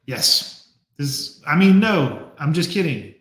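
A man's voice: fairly high pitch, very animated, slow, a bit bright. Sarcastic man with roomy echo. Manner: sarcastic, swearing, mocking asides. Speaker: reaction video host. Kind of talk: casual mocking commentary.

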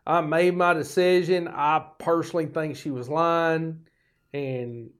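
Older man, folksy podcast host, slightly raised pitch, profane joking storyteller. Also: steady tone, measured pace, clean tone. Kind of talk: rambling storytelling monologue.

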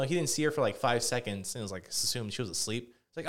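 A man's voice: medium pitch, expressive, fast talker, few pauses, a bit bright. A man co-hosting a podcast, telling a rambling story in casual chat with lots of fillers and swearing. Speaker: podcast co-host.

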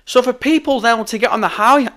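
A man's voice: extremely high pitch, a little fast, a bit bright. A young man delivering a heated, opinionated rant, emphatic and swearing often. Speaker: wrestling commentator.

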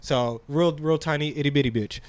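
A man co-hosting a casual podcast chat, loud and animated, laughing often and telling stories in heavy slang. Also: a little high, normal speed, no room sound. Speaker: podcast co-host.

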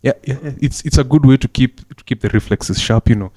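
A man's voice: mid-range voice, a little fast, dark tone, no room sound. A man co-hosting a casual podcast, talking in a playful, rambling way and repeating words when he gets going. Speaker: podcast co-host. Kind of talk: casual chat.

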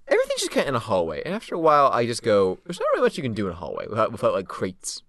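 Fast, animated man, dry close sound. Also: mid-range voice, no room sound. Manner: animated, acts out scenes in funny voices. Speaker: podcast co-host. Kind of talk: casual chat reviewing a TV episode.

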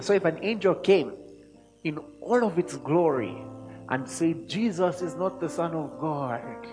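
A man preaching a sermon to a congregation, speaking emphatically and rising to loud peaks when he reads scripture. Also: fairly high pitch. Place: church hall. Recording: long hall reverb with faint music.

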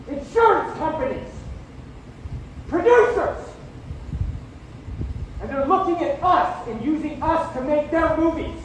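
A man's voice: very high voice, a bit bright. A man angrily berating his film crew with stern, clipped threats, caught on a leaked set recording. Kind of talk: angry rant. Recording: echoey, distant, noisy leaked set recording.

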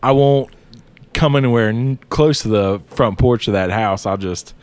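A man's voice: medium pitch, moderate pace, clean tone, no room sound. A man who delivers packages, casually telling stories with a lot of laughter and swearing. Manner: profane, laughing storyteller. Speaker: delivery driver. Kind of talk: casual chat.

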